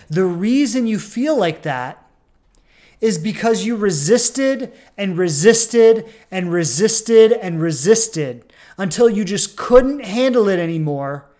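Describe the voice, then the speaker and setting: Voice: mid-range voice, darkish tone. Earnest podcast host coaching on relationships. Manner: earnest, emphatic, repeats phrases for stress. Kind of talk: podcast monologue.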